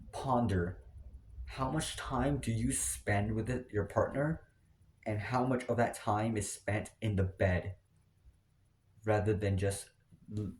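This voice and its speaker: A man's voice: lowish voice, darkish tone, slight background noise. A young man ranting casually to camera, rambling with many restarts and fillers. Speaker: vlogger. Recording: roomy echo.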